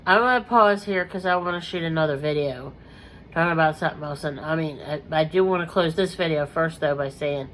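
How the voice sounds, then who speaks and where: A woman vlogging in a casual, rambling way, with many fillers, who keeps clearing her throat through a coughing fit. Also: low voice, a bit bright, slight background noise, rough recording. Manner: chatty, lots of "you know" fillers, frequent throat clearing.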